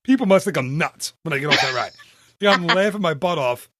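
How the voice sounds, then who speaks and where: A man hosting a casual podcast chat into a studio microphone, animated and laughing often. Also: on the high side, brisk, no echo. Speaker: podcast host.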